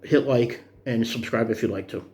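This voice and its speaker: This fitness vlogger, a man in his fifties, earnestly rambles through an update on his workouts and cheers viewers on. He has a darkish, mid-range voice and keeps a moderate pace.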